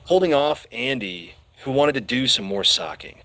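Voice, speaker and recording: Male narrator for a children's audiobook; expressive, animated pitch. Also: a little slow, no room sound. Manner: expressive storytelling.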